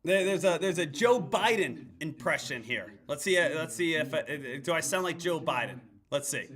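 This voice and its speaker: Young male trading streamer, high-pitched, energetic, talks to viewers. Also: normal speed. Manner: energetic, addresses viewers as traders. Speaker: host, stock trader. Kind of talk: live-stream market talk.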